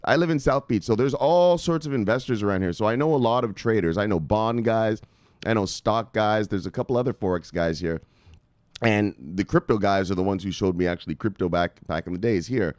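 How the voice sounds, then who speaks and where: A middle-aged man hosting a casual crypto live stream, joking, swearing and calling out viewers' names with a loud "bang". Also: lowish voice, a little fast, no room sound. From United States. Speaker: crypto video host.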